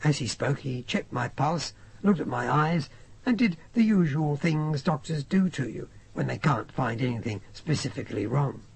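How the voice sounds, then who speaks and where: A man narrates a first-person adventure audiobook in a measured, descriptive way. His voice is raspy and gravelly. It sits a bit high and moves in a lively way.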